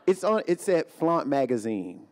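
A man with a Louisiana accent giving a live poetry reading, reading his poems slowly and hushed, chatting with the audience in an animated way between them. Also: on the high side. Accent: Southern US, Louisiana. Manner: slow, hushed delivery of poems; bubbly, animated banter between. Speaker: poet.

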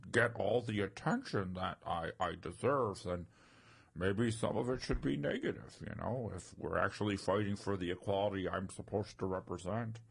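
A comedian impersonating a self-absorbed older celebrity woman, musing in a halting, self-important way. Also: lowish voice, gravelly, breathy edge. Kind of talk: comedic impression.

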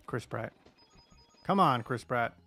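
A man's voice: mid-range voice, animated, slow, bright, forceful tone, faint music behind. A man casually commentating as he plays a video game on a livestream, joking around and greeting viewers. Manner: goofy, joking, chatting to viewers. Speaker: streamer.

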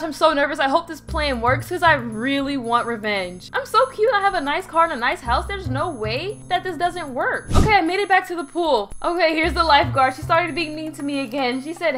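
Brief: high-voiced woman, chatty dramatic gameplay narration, slangy. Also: sharp tone. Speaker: gaming YouTuber.

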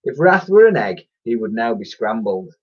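An English-accented man, a primary school teacher, reads a children's story aloud at home into a computer mic, so the sound is dull and lo-fi. His mid-range voice swings widely in pitch at a moderate pace with a breathy edge. He's chatty, using fillers and correcting himself.

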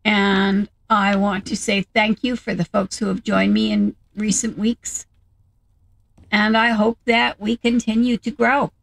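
Gravelly-voiced woman thinking aloud. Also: medium pitch, flat delivery, a bit bright, dry recording, poor audio. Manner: thinking aloud, chatty and unhurried. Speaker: gaming video host. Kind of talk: casual game commentary.

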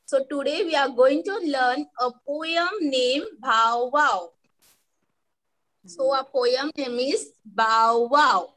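Slow, bright-voiced Indian English teacher. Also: female voice, high voice, poor audio. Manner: slow, sing-song, imitates animal sounds. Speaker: primary school English teacher. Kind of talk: teaching a nursery poem to young children. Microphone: online lesson recording.

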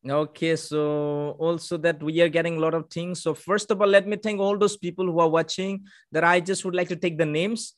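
A man's voice: a little high, steady tone, moderate pace, hardly any pauses. Chatty male host. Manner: chatty, upbeat, reads out viewer names. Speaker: moderator. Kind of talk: hosting a live online session.

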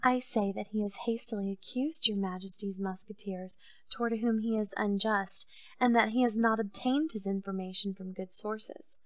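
A woman reading an audiobook, voicing a shrewd military captain who answers the king calmly and quietly. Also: mid-range voice, no room sound, close to an everyday voice. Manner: calm, quiet, measured. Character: calm, shrewd captain, grown man.

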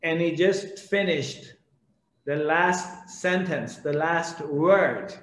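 A man, a spiritual teacher, telling a parable slowly and dramatically with pauses. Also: on the high side, roomy sound, poor audio. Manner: slow, dramatic storytelling with pauses. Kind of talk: storytelling discourse.

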